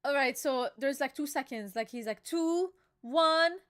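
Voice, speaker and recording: A young woman with a high, bright voice hosts a casual live reaction chat. She is excitable and emotional, drops slang and plenty of fillers, and rambles as her thoughts come. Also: fairly quick. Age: young adult. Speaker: channel host reacting to a manga chapter.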